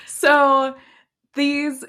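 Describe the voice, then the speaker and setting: A woman's voice: high-pitched, completely flat delivery, drawn-out words, bright, forceful tone. Chatty woman podcast co-host. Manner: chatty, many fillers and restarts, laughs often. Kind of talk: casual chat.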